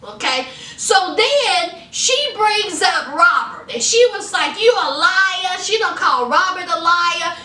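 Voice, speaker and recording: Woman vlogger: sassy, chatty reality TV recapper, high and very animated, echoey room, off-mic. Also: slow pace, hardly any pauses, distant mic. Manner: chatty, sassy, laughs often, calls viewers honey. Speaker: reality TV reviewer. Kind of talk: casual episode recap.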